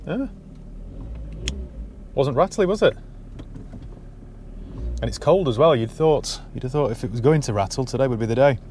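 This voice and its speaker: A man's voice: mid-range voice, lively intonation, normal speed, long pauses, darkish tone, slight background noise. Dry-witted man checking a car. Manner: dry, wry asides. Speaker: used car dealer. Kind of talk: casual walkaround commentary. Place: inside a parked car on a cold day.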